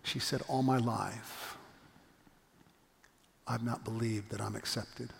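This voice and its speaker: Man preaching, gravelly voice, long church-hall reverb, earnest storytelling. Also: medium pitch, fairly even intonation, slow pace, a little hiss or hum. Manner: storytelling, earnest, emphatic refrains. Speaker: pastor. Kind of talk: sermon. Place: church sanctuary.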